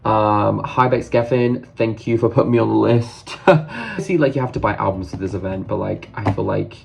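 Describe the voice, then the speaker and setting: A man's voice: lowish voice, normal speed, vocal fry. A man telling a story in a casual vlog, chatty and gushing, swearing casually as he goes. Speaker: vlogger.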